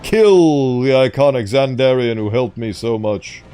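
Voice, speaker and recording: A man's voice: medium pitch, lively intonation, unhurried, mellow, clear, resonant tone. A man giving casual gameplay commentary with theatrical, mock-grand asides. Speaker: gaming YouTuber.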